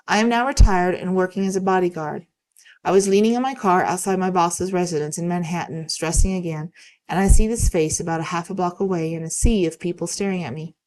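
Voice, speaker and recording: A woman reading online stories aloud in a calm, steady way. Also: on the low side. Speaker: narrator reading online posts.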